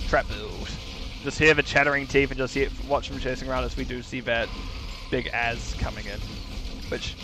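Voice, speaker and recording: Male esports caster, New Zealand accent, casual play-by-play, mid-pitched voice. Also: fairly bright tone, slight background noise. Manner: rapid play-by-play, casual asides. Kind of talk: live esports commentary.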